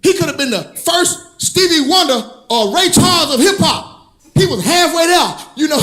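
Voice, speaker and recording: Male stand-up comic, very high and lively, sing-song storyteller who laughs along at his own lines. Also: normal speed. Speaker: stand-up comedian. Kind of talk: stand-up comedy set. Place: comedy club stage.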